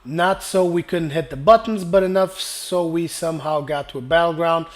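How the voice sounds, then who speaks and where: Casual male gamer host, voice going hoarse. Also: on the high side, normal speed. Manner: casual, rambling, reads comments aloud then responds. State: losing his voice, dry throat. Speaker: gaming channel host. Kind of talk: casual commentary reading viewer comments.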